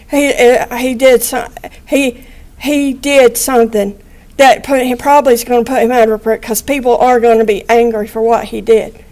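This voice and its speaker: Woman, middle-aged, high voice, slow delivery, angry, blunt, swearing, repetitive, courtroom statement. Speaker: victim's family member giving impact statement.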